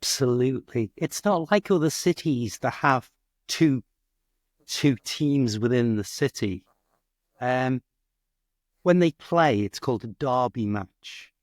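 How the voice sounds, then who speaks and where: A man with a Liverpool Scouse accent, chatting as a guest and explaining things in a relaxed way. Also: mid-range voice, takes it slowly, no echo, studio quality. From Liverpool, England. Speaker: guest, English teacher. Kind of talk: casual chat.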